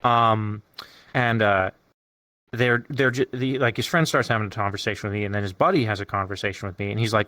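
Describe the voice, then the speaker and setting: A man hosting a casual podcast, telling stories in an animated way and swearing often. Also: lowish voice, a little fast, no room sound. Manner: animated, profane storytelling. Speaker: podcast host. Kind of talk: casual chat. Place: streaming setup.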